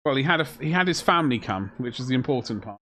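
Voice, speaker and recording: A chatty man streams from his hobby desk, talking into a desk mic. He reads out viewers' messages and jokes back at them in an easygoing, mid-pitched voice. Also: animated, quick pace, sharp tone. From Britain. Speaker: live stream host. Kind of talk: casual live-stream chat while building a miniature.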